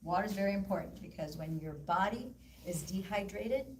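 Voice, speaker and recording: A woman presenting at a live wellness event, telling a story to an audience in an animated way and acting out the voices of the people she quotes. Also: mid-range voice, brisk, a little hiss or hum. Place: event room. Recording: echoey room, voice from far off.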